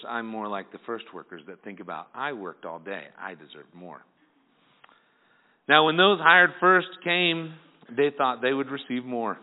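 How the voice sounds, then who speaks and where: A male pastor preaching a sermon, lively and acting out the people in the story. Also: on the high side. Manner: animated, acts out the people in the story. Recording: tinny phone-like sound.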